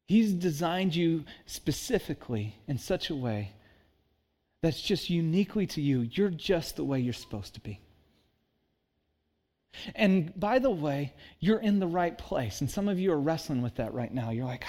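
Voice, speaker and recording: Pastor, male, higher register, conversational sermon with earnest tone. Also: animated, normal speed, long pauses, warm tone. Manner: earnest, conversational preaching with acted-out asides.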